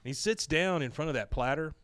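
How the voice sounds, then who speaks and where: A man's voice: a little high, quick pace, fairly bright tone, smooth, no room sound. A man hosting a podcast, casually recapping a cartoon episode and reading its lines aloud with frequent laughs. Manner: reads episode plot with quoted lines, laughs often. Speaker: podcast host.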